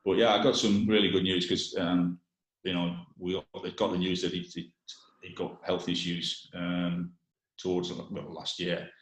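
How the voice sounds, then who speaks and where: A man in his sixties, a former footballer, chatting casually as a podcast guest in a relaxed way with many restarts. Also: low-pitched, normal speed, roomy sound, low-quality recording. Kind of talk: casual chat.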